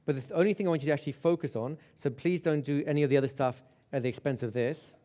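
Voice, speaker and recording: A man with a fairly high-pitched yet dark voice races through a live hypnosis seminar. Conversational, he keeps asking "right?" and restarts phrases, repeating words.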